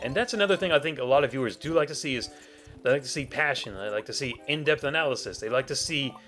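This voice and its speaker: A man's voice: mid-range voice, fast, soft background music. A man doing let's play commentary as a gaming YouTuber, talking in a rambling way and often correcting himself. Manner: rambling, animated, self-correcting.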